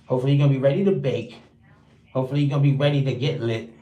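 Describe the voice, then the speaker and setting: A man's voice: mid-range voice, steady tone, very fast, lo-fi sound. A man hosting his own livestream, rapping a crude, boastful freestyle roast in a rhythmic, rhyming flow. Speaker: livestream host. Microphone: streaming setup. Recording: roomy echo.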